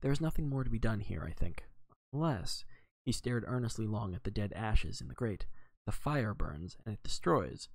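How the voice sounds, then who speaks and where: A man reading aloud, voicing a fussy, precise elderly male detective who talks in a brisk, exacting way with French phrases. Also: lowish voice, lively intonation, creaky, no echo. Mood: musing.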